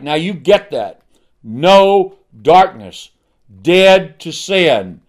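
Male preacher, fiery sermon, slow deliberate delivery, very lively pitch, fond of repeated refrains. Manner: dramatic swings from hushed to ringing emphasis; rhetorical questions and repeated refrains.

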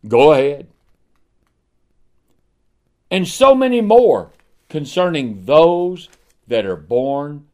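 A man preaching a sermon, swinging from hushed, low passages to ringing emphasis, with rhetorical questions and repeated refrains.

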